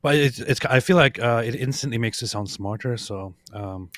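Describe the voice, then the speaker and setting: A man joining a live stream as a guest, teasing and quick, with stammering fillers. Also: mid-range voice, fairly bright tone, no echo, clean studio sound.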